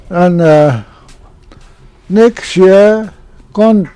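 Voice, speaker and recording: An older man telling an oral history hunting story in halting, broken English, with many restarts. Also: fairly high pitch, lively intonation, warm tone, dry recording, low-quality recording. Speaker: interviewee.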